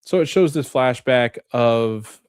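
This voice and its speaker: A man hosting a podcast, recapping a TV episode in a chatty, animated way with lots of fillers and laughs. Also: mid-range voice, takes it slowly, smooth, dry recording, clean studio sound. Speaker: podcast host.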